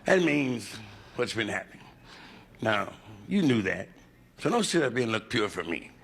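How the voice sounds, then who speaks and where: A man's voice: fairly low pitch, very animated, moderate pace, gravelly, fairly bright tone. A man doing a crude, conversational stand-up routine on a nightclub stage in front of a live audience. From United States. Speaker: stand-up comedian. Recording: live club recording with hiss.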